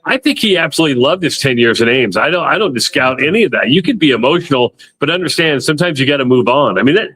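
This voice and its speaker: A man's voice: medium pitch, expressive, fast talker, few pauses, fairly bright tone, slightly rough. A man hosting a sports radio show, talking casually and with strong opinions, often repeating a word as he starts a thought. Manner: opinionated, loose, repeats words when starting.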